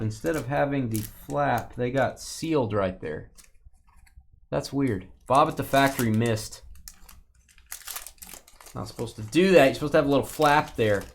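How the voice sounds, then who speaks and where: A man hosting a live sports card break, reading out names and teams in quick bursts and joking with viewers. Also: medium pitch, creaky, slight background noise.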